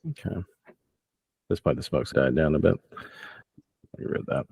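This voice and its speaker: A man narrating a tabletop role-playing game as game master, relaxed and chuckling as he describes scenes. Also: a bass voice, normal speed, gravelly, slightly rough, no room sound.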